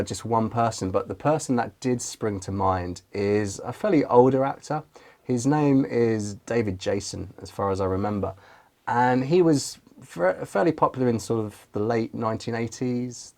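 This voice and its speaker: Man, from London, fairly low voice, casual teaching, chatty. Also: a little mellow. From London, England. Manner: chatty, explains with examples. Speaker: IELTS teacher, co-host. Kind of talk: casual lesson and mock speaking answer.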